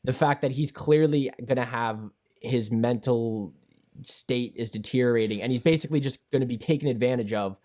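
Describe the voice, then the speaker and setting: Young male podcast co-host, mid-pitched, animated and emphatic; long riffs. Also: moderate pace. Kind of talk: casual podcast chat.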